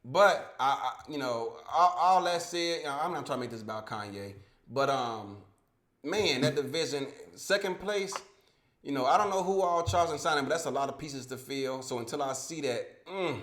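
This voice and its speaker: A man's voice: mid-range voice, normal speed, fairly bright tone. A man hosting a casual sports podcast over a home mic that cuts out, talking in a profane, heated, rambling way with many restarts. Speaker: podcast host. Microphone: home microphone with dropouts.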